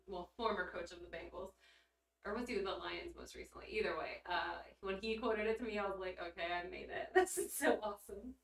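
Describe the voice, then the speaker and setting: A woman's voice: medium pitch, a bit bright. A woman chatting casually on a livestream, reading her chat aloud, bubbly and giggly with blunt casual swearing. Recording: roomy echo, mic at a distance.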